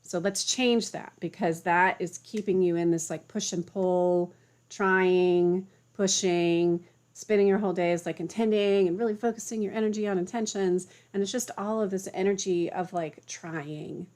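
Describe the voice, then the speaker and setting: Young woman, low-ish voice, relaxed spiritual teacher, rambling casual talk. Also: normal speed. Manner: relaxed and chatty, many fillers.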